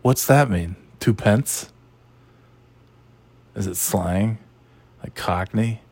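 A man's voice: fairly low pitch, drawn-out words, vocal fry, darkish tone, slightly rough. A man hosting a casual chat, rambling and sarcastic, swearing freely.

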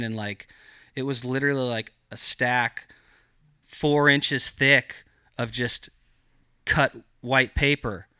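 A man's voice: mid-range voice, sharp tone, clear, resonant tone, dry recording, clean studio sound. A man guesting on a podcast, telling a story in casual style with heavy swearing and lots of rambling filler. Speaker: podcast guest, cannabis grower.

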